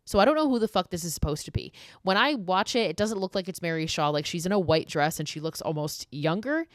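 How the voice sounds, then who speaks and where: A woman's voice: fairly low pitch, expressive, quick pace, no echo, clean studio sound. Sweary woman recapping a horror film. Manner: profane, sarcastic, storytelling. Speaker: podcast host.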